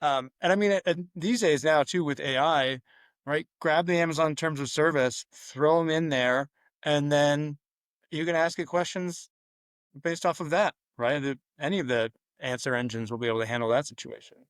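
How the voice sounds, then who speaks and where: A man's voice: fairly high pitch, normal speed, smooth, dry recording, studio quality. A man in a casual business podcast conversation, talking loosely with fillers and frequent tag questions.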